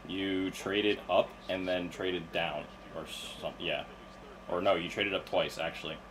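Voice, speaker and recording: A man co-hosting a casual chat, talking in a relaxed, offhand way and checking facts as he goes. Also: low voice, a little slow, crowd noise, poor audio. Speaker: podcast co-host. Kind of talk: casual mock draft chat.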